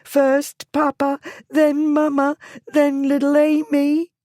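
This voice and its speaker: A frightened orphan schoolgirl pleads in a high, breathless voice on the edge of tears, as a woman narrator puts her on. The sound is dry and close, with a soft, mellow edge. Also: lively intonation, measured pace, no echo. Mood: sobbing. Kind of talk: audiobook character voice.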